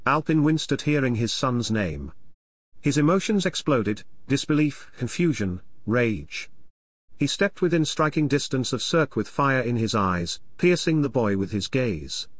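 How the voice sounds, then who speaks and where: A man narrates a novel with a lively, swinging voice. His reading is dramatic and expressive, recorded dry and close with no room sound. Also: medium pitch, measured pace, dry recording. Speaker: audiobook narrator. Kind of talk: scripted narration.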